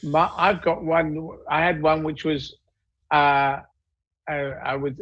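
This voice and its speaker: A male comedian telling stories in a casual panel chat, rambling and halting as he goes. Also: fairly high pitch, little pitch movement, a bit bright, no room sound, lo-fi sound.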